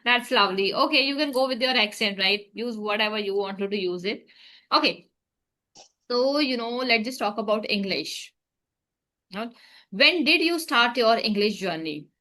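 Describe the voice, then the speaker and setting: A woman guides a casual English practice chat, asking questions and saying "okay" often to keep things moving. Her voice is bright and a little sharp, and it sits fairly high. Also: lively intonation, moderate pace. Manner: encouraging, asks questions, frequent okays. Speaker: interviewer, English practice partner.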